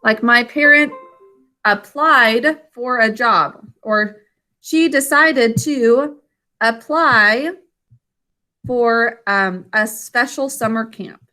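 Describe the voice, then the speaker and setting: A woman teaching an online spelling and grammar lesson over a video call, slow, clear and encouraging as she sounds out words. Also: on the high side, pushed and bright.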